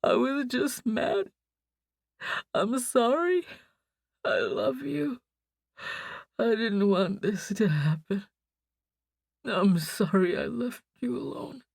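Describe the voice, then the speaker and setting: A woman's voice: medium pitch, extremely slow, vocal fry, pauses often, a little mellow, breathy edge, dry recording, clean studio sound, voice pushed up, full character voice. A woman voicing a grieving young man who mumbles and sobs in his sleep, his words muffled and weak. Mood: sobbing.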